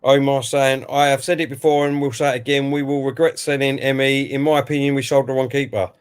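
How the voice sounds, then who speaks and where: A man's voice: medium pitch, little pitch movement, fast talker, clear, resonant tone. A man co-hosting a football watch-along stream, giving live commentary and reading out viewer comments before giving his own view. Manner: chatty, reads out chat messages and then gives his view.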